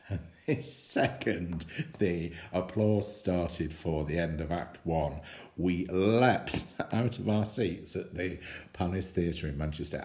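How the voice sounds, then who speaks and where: Man, very deep voice, personal anecdote, animated storytelling, frequent chuckles, echoey room. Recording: roomy echo.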